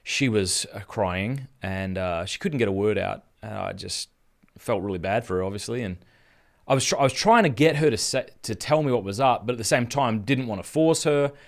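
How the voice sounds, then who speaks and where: Telling a personal story on his live stream, this Australian Catholic speaker and podcast host, in his thirties, keeps restarting his sentences in a casual, earnest manner. His fairly low voice is expressive, with vocal fry, at a moderate pace.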